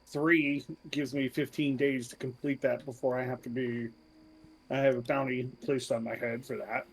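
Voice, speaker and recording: Gravelly man in a tabletop game. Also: mid-range voice, flat delivery, moderate pace, slight background noise. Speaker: player. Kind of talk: tabletop role-play discussion.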